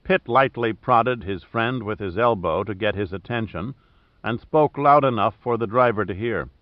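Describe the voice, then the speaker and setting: A man narrating an audiobook in a steady, even-paced voice at an ordinary pitch. The recording is dry, with no room sound, and a bit dull and muffled in tone. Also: moderate pace, no echo. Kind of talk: scripted narration.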